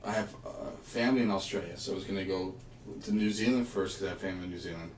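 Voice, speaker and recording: A talkative man rambles through casual stories in a somewhat low voice. He sits well back from the mic. The room rings with echo and a faint hiss. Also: fast talker. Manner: chatty, rambling storyteller. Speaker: puzzle livestream co-host. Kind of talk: casual chat. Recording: echoey room, mic far off.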